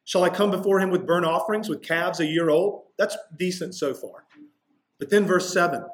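Male pastor, expository sermon, slightly higher voice, emphatic on key lines. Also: normal speed. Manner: expository preaching, rising intensity on key points.

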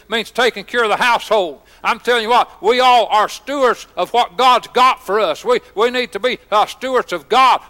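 A high-pitched, bright-toned older man preaches at an ordination service. He talks in a homespun, story-telling way, full of "uh" fillers. His voice carries with the long reverb of a church sanctuary. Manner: folksy, many "uh" fillers and storytelling asides. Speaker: pastor. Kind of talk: ordination sermon.

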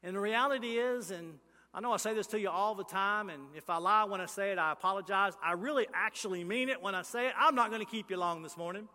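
A male pastor, preaching a sermon with emphatic, repetitive lines that swing between loud and hushed. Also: high-pitched, quick pace, big-room sound.

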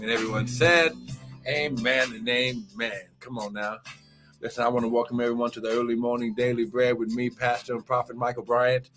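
A man's voice: mid-range voice, fairly even intonation, brisk, fairly bright tone, soft background music. A man preaching a live morning sermon as pastor, exuberant and repetitive, calling out praise and urging listeners on. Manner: repeats phrases and urges listeners to get it.

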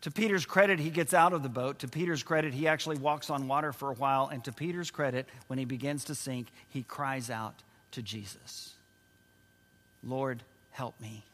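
A man's voice: medium pitch, brisk, hardly any pauses, a bit bright. A male pastor preaching a sermon in a church, earnest and repeating his key phrases. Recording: long hall reverb.

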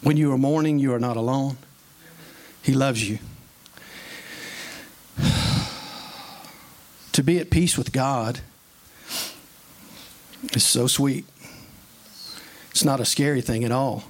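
A man delivers a sermon from the pulpit. His voice sits at an ordinary middle pitch, and he talks in an earnest, conversational way. He moves easily between scripture and homely stories from his own life. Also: slow pace, pauses often. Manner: earnest, conversational preaching with plain everyday stories. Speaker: preacher.

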